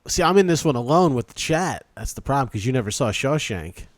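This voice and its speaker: A man in a relaxed podcast chat who makes his case with emphasis. His pitch moves around a lot as he talks. The mic sound is close and dry. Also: no echo. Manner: animated, emphatic, quick to argue his picks. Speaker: podcast co-host.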